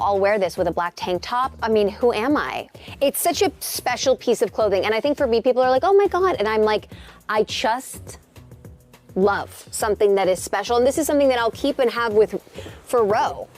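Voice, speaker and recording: A woman's voice: a little high, lively intonation, moderate pace, darkish tone, faint music behind. A woman showing off her wardrobe in a reality show clip, emphatic and self-assured. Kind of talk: confident show-and-tell.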